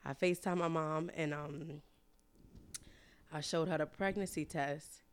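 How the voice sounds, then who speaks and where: A woman in her twenties from Harlem, New York, telling stories lively as a guest in a casual interview. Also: deep voice, a little slow, clean tone. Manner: animated storyteller, acts out others' lines with laughter. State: pregnant. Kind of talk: casual storytelling chat.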